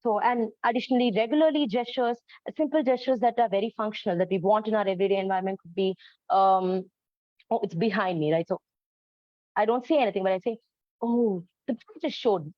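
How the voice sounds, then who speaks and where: A woman's voice: mid-range voice, fast, dry recording. Woman giving an earnest teaching talk. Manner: earnest, explanatory, many fillers. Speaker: presenter on storytelling for autistic children. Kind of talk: educational talk. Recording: dull, lo-fi, dry recording.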